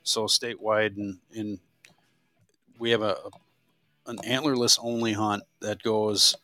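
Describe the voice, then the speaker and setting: A man's voice: lowish voice, flat delivery, a little slow, sharp tone, faint music behind. A man co-hosting a podcast, ribbing his partner in dry, teasing banter. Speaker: podcast co-host.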